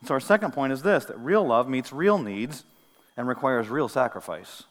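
Male pastor, mid-pitched, animated sermon delivery with quiet and booming passages, long church reverb. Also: moderate pace. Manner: animated preaching, swinging from soft to loud; conversational, with asides and light humor. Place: church sanctuary.

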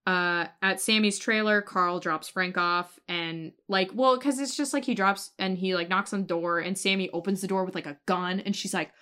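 A woman's voice: medium pitch, moderate pace, few pauses, smooth. A woman co-hosting a podcast, chatting casually as she recaps a TV episode and acts out the characters' lines. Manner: animated recapping with acted-out quotes. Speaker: podcast co-host.

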